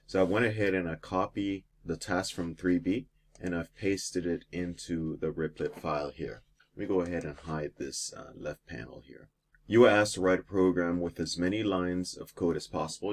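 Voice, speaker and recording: A man with a very low, deep voice talks through a programming lesson on screen. He explains each step plainly, pausing with fillers now and then. Keyboard typing and mouse clicks sit faintly behind him. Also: darkish tone. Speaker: teacher. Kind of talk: screen-recorded coding lesson.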